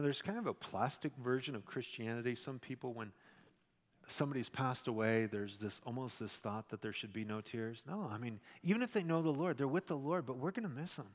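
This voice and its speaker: A male pastor preaching a sermon in a conversational way, with loud emphatic stretches and quiet asides. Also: medium pitch, big-room sound.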